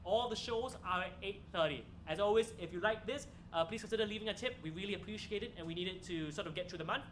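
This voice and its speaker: A man's voice: sits high, fast talker, a bit bright, a little hiss or hum. A young man hosting a solo comedy livestream from a comedy club, telling joking stories and laughing at his own punchlines. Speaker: stand-up comedian and show host. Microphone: streaming camera mic.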